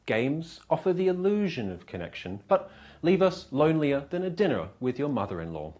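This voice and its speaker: Male comedy host, English-sounding accent, wry punchy monologue, very animated pitch. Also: moderate pace. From Australia. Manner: wry, punchy delivery with frequent laughs at own jokes.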